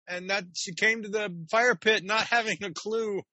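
A man's voice: high-pitched, moderate pace, no room sound, highs cut off. A man casually telling stories on a talk show, acting out the people he quotes and laughing often. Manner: animated, acts out quotes with laughs. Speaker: podcast host and author. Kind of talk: casual storytelling chat.

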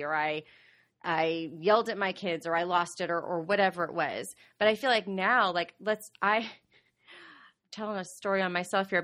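A woman's voice: lowish voice, a bit bright. Earnest woman sharing a confession. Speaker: podcast co-host. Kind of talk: candid conversational podcast.

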